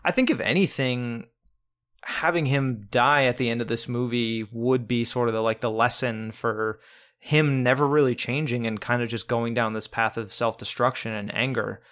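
A man's voice: mid-range voice, steady tone, normal speed, fairly bright tone. A man co-hosting a casual film review podcast, talking in a rambling way with many restarts and fillers. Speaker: podcast co-host.

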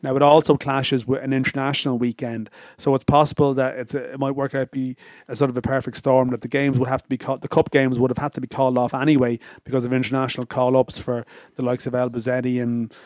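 A man's voice: mid-range voice, flat delivery, fast talker, hardly any pauses, a little mellow, dry recording, clean studio sound. A man hosting a football podcast, explaining background at length with hedges and restarts. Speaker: podcast host. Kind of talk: casual football chat.

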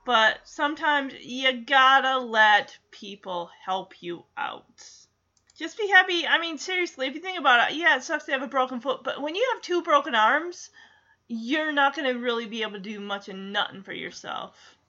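A woman's voice: high voice, lively intonation, moderate pace, pushed and bright, dull audio. A woman vlogger chatting casually while recapping a sitcom, rambling into asides and giggling. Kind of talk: casual chat.

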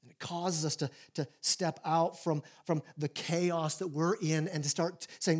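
A man preaching a sermon as pastor, telling stories in an animated way with frequent restarts and acted-out quotes. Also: a little high, unhurried.

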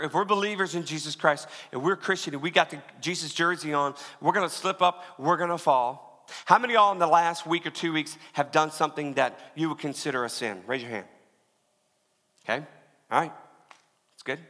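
Bright-voiced preacher in a reverberant hall. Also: male voice, fairly high pitch. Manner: conversational preaching with many restarts, drops to a hush. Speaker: pastor. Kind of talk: sermon.

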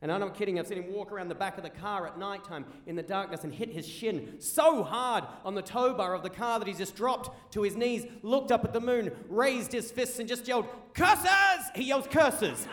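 Quick, high-voiced Australian stand-up comic. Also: male voice. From rural South Australia. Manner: animated, rising to shouts at punchlines. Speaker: stand-up comedian. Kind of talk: stand-up storytelling. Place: live comedy venue. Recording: roomy live venue.

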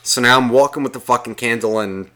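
A man with a bright, forceful voice tells a rambling story in casual chat. He swears constantly and slips into the voices of the people he quotes. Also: medium pitch, fairly quick. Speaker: guest telling a story.

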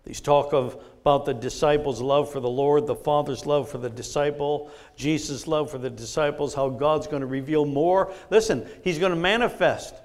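A man's voice: a little high, fairly even intonation, normal speed, few pauses, darkish tone. A middle-aged man preaching a sermon, telling a personal story and reading scripture in an earnest way. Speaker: pastor.

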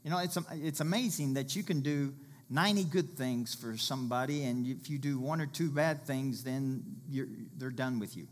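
Pastor preaching conversationally. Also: male voice, mid-range voice, normal speed. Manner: conversational preaching with illustrations, rises to loud calls. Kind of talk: sermon.

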